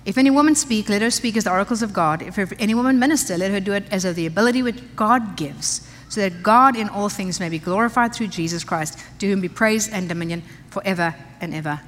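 Fast with few pauses, this medium-pitched older woman preaches emphatically yet conversationally to women at church, speaking as the pastor's wife. Slight background noise accompanies the long church-hall reverb.

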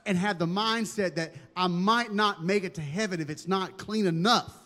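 Man, pastor, high voice, animated humorous sermon, long hall reverb. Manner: animated, humorous, dramatic preaching.

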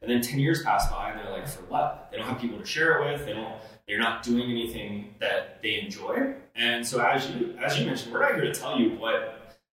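A man's voice: medium pitch, a little fast, a bit bright, distant mic. A man co-hosting a casual podcast chat, talking in an earnest coaching way with many fillers. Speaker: podcast co-host. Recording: echoey room, off-mic.

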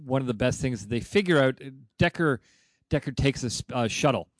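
A man's voice: medium pitch, normal speed, no echo. A man in casual chat, retelling a TV episode with hummed music cues and acted-out lines. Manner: animated storyteller, hums music cues and acts out lines. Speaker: podcast co-host.

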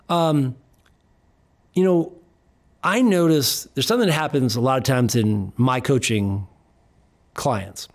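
Emphatic man coaching on a podcast. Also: mid-range voice. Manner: emphatic, preachy, slows down on key words; acts out dialogue with clients. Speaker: podcast host and practice coach. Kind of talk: motivational podcast talk.

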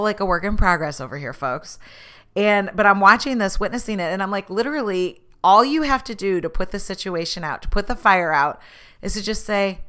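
Woman host, casual monologue: bright, crisp voice, chatty and self-mocking, jumps high when quoting people. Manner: chatty, self-mocking, acts out quoted exchanges with big pitch jumps.

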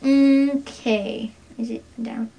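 A woman's voice: fairly high pitch, steady tone, drawn-out words, dark tone. A woman answering and reading trivia in casual chat, dry and offhand. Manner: dry, offhand, mildly reluctant. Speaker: trivia quiz partner.

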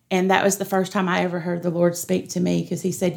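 A middle-aged woman, a pastor giving an earnest, steady personal testimony on a podcast. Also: lowish voice, fast, gravelly, few pauses. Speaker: pastor, guest.

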